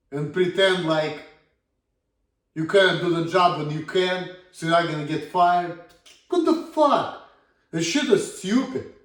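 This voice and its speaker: A man in his thirties with a Russian accent, ranting bluntly and swearing a lot in a casual monologue. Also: fairly high pitch. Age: 30s. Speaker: vlogger. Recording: echoey room, from far off.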